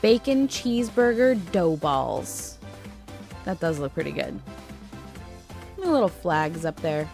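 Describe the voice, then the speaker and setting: A woman's voice: low voice, very animated, slow pace, vocal fry, pauses often, a little mellow, faint music behind. A woman streaming live, chatting casually and joking about herself while reacting to a cooking video. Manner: playful, self-joking, chatty asides to chat. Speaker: VTuber streamer.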